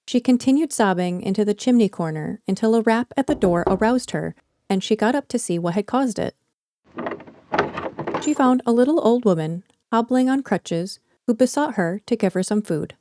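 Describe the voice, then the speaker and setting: A woman reading a fairy tale aloud in a calm, gentle audiobook narration. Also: medium pitch, no room sound, clean studio sound.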